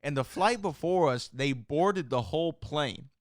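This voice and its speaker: A young man hosting a casual podcast chat, telling stories in a chatty, animated way and reading out viewer questions. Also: a little high, measured pace, no room sound, clean studio sound. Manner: chatty, animated storytelling with frequent laughs and fillers. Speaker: podcast host.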